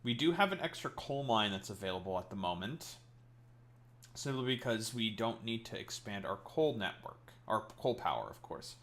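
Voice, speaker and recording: Bright-voiced profane male streamer. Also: lowish voice, animated, moderate pace. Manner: profane, ranting at chat. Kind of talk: casual live-stream gaming commentary.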